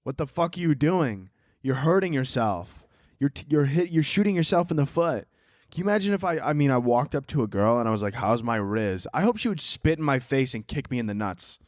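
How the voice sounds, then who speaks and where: A man's voice: fairly high pitch, expressive, a little fast, darkish tone, no echo, studio quality. A man hosting a solo podcast, ranting casually with sarcasm and profanity and laughing at his own jokes. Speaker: podcast host.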